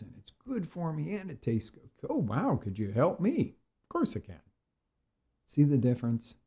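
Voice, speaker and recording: Middle-aged male life coach, gravelly, lively swings in pitch, casual motivational live talk. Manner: animated, jokey, acts out quick voices. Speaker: small business and health coach.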